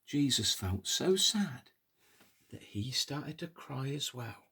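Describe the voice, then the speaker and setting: A man telling a Bible story to toddlers in an animated, sing-song way, coaxing the children to pull faces. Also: medium pitch, takes it slowly, breathy edge.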